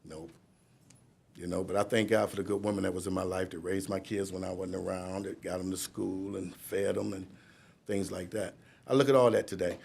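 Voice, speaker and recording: A man's voice: fairly low pitch, vocal fry, darkish tone, slightly rough. A man in his fifties giving a rambling, conversational recovery testimony at a courtroom ceremony, laughing at himself as he goes. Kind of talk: personal recovery testimony to an audience.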